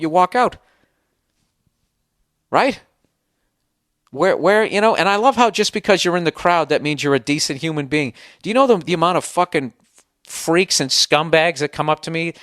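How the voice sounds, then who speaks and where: A sarcastic, foul-mouthed man from the United States, hosting a podcast and ranting with exasperation. His voice sits a bit high for a man. It is recorded close and dry, with no room sound. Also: moderate pace, a bit bright, no echo. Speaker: podcast host. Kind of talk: comedic podcast rant.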